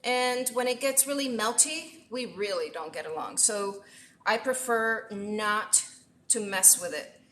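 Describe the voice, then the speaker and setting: Unhurried and animated, a woman chef with a medium-pitched, slightly bright voice chats through a casual cooking livestream from her home kitchen. She's gushing and exclamatory, sprinkling in Spanish, and the roomy recording carries a little hiss or hum.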